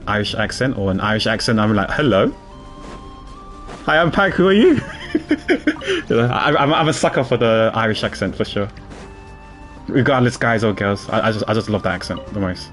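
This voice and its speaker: A man streaming a game, chatting casually in a rambling way, repeating his words and chuckling. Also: lowish voice. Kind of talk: casual gameplay commentary.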